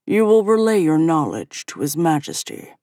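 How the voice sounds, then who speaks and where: Brief: a woman doing a stern, deep-voiced ancient man on a throne, formal and commanding. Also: big pitch swings, normal speed, dark tone, no room sound, clean studio sound. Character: stern ancient male council ruler.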